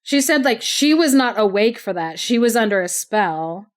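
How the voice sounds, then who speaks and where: A podcast co-host with a slightly high, expressive voice relays a story at a moderate pace. She keeps it chatty, laughs a lot, and uses "like" over and over.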